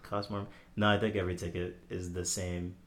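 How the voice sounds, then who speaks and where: A man's voice: deep voice, flat delivery, brisk. A young man co-hosting a podcast in casual chat, laid-back and swearing easily. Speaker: podcast co-host.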